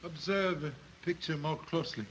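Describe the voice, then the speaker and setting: A man playing a calm, wise middle-aged detective who talks in clipped, proverb-like broken English, in a 1930s film. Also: a little high, normal speed, a little hiss or hum, lightly acted. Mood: measured. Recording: dull old film soundtrack.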